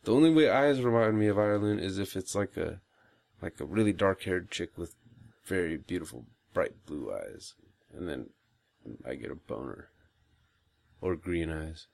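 A man's voice: low-pitched, expressive, moderate pace, gravelly, a little mellow. A man co-hosting a casual podcast into a headset, laid-back and jokey, laughing often. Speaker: podcast co-host. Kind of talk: casual crude podcast banter.

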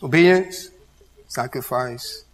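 A man's voice: mid-range voice, slow pace. A man giving an interactive church Bible teaching, quizzing his audience with call-and-response questions. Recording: long hall reverb.

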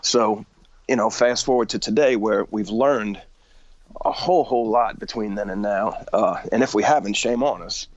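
A man's voice: on the low side, normal speed, no echo. Earnest male singer on a dull line. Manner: earnest, frank, stumbling restarts. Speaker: singer, guest. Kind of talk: casual interview chat.

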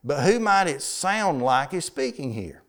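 A man preaching a Bible study, asking his listeners questions and reading scripture slowly with weight. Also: on the high side, big pitch swings, a bit bright. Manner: asks the congregation questions, reads scripture slowly with emphasis. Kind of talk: conversational sermon teaching.

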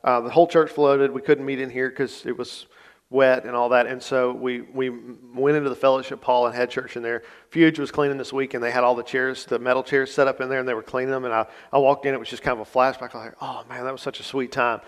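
Speaking at a quick clip with a clean tone, this pastor delivers his sermon in a medium pitch that barely moves. His manner is folksy and conversational, full of homespun asides. Long reverb from the church sanctuary surrounds him.

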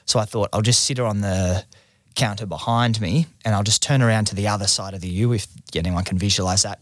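An Australian man in his thirties, with a fairly low voice, tells a story on a podcast and laughs at his own mishaps. The sound is dry and close, with no room around it. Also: dry recording. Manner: animated storyteller, laughs at himself. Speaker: podcast co-host. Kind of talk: casual storytelling chat.

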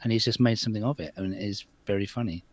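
A man's voice: fairly low pitch, racing, no room sound. A man hosting a podcast in a casual, chatty, self-deprecating way. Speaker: podcast host. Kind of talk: casual chat.

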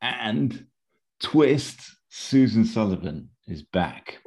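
Fairly low in pitch and a little mellow, this man's voice is very animated yet extremely slow. He co-hosts a podcast and casually pitches an episode idea, meandering with lots of fillers and false starts.

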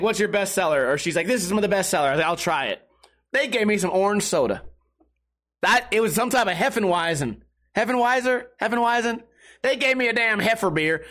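Chatting loosely with his stream audience, this young man has a high-sitting voice with a fairly bright tone. Expect plenty of swearing and laughter at his own jokes.

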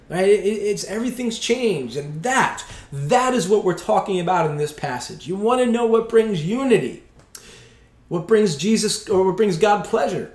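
A man in his forties preaching a sermon, telling a self-mocking personal story with lively humor. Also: sits high, normal speed, slight background noise. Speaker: pastor. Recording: roomy hall echo.

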